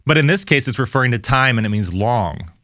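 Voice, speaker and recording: A man's voice: medium pitch, expressive, brisk, sharp tone, no echo, studio quality. A man hosting a Bible study podcast, explaining Scripture in an earnest, casual way and reading verses aloud. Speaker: podcast host teaching Scripture.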